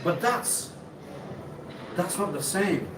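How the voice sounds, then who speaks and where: Slow, rambling man on a live stream. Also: sits high, lively intonation, far from the mic. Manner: halting, repeats himself, laughs often. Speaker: livestream host. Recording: echoey room, off-mic, noisy ambience.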